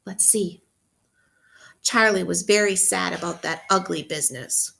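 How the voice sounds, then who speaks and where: A woman teacher reading a picture book aloud to children, expressively, pausing to ask them questions. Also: fairly low pitch, creaky, bright, forceful tone, slight background noise. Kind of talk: interactive read-aloud for children.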